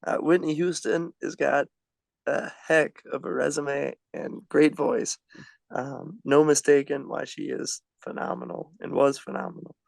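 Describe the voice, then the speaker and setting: Upbeat male co-host, gravelly voice pitched a little high, dry close sound. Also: steady tone, measured pace, no echo. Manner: upbeat, enthusiastic, gushing. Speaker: podcast co-host. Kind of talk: casual podcast chat.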